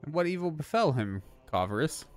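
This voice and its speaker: A man's voice: on the high side, very animated, brisk, no room sound, soft background music. A man voicing a female adventurer, asking plain questions. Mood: curious.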